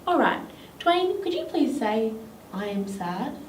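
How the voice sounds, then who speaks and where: A woman's voice: a little high, big pitch swings, unhurried. A woman with an Australian accent leading a children's drama lesson in an encouraging, sing-song teacher voice. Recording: echoey room, mic at a distance, faint noise.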